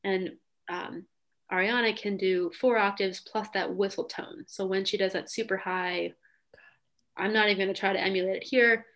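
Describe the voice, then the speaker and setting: Full of enthusiasm, a young adult woman hosting a podcast chats casually, often saying "um" and "like." Her voice is medium-pitched and fairly bright, with a steady tone and moderate pace.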